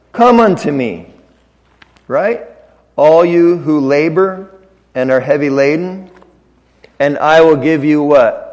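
Pastor guy preaching real slow, kinda high voice, big echoey hall. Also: darkish tone. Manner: conversational, slow and deliberate with quick asides. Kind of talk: sermon. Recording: long reverb of a large hall.

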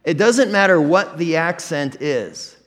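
A man's voice: on the high side, lively intonation, measured pace, fairly bright tone. A man with an American Midwestern accent, a pastor delivering a conversational sermon with frequent restarts and candid asides. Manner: conversational, self-deprecating, with many restarts.

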